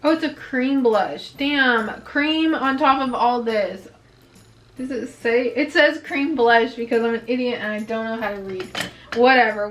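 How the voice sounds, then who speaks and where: A young beauty vlogger films herself at home doing a casual makeup review, chatting and venting her frustration while sounding a bit out of breath. Her voice is fairly high and fairly bright, and the audio quality is poor.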